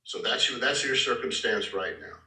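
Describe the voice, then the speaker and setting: A man teaching an acting class to a live audience, talking directly to the students and often clearing his throat. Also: mid-range voice, normal speed, pushed and bright. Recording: roomy hall, far from the mic.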